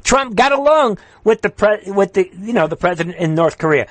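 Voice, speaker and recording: A high-voiced man delivers a heated political livestream rant, hammering the same calls to his viewers over and over. His voice jumps between shouted urgency and quieter asides as he reads chat comments. The sound is close and dry, with no room in it. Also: expressive, fairly quick, no echo. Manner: fiery, repetitive exhortations, swings from shouting to quiet.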